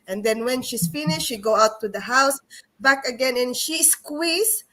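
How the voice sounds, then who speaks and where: Woman, lively storyteller, slightly high voice, video call chat. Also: moderate pace. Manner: animated, acts out quoted voices, non-native English. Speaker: co-host.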